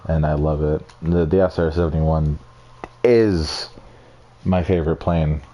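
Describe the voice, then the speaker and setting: Young man, low and mellow, casual, foul-mouthed, self-deprecating gamer tour. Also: fairly even intonation, a little slow. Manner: rambling, swears freely, self-deprecating. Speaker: gamer showing off builds. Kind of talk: casual screen-recorded walkthrough.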